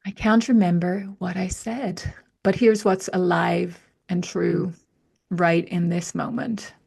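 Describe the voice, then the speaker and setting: A woman's voice: on the low side, level tone, slow, gravelly, a little mellow, breathy edge. A woman guest in a casual podcast conversation, telling stories and acting out her inner voices with animation. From UK or Ireland.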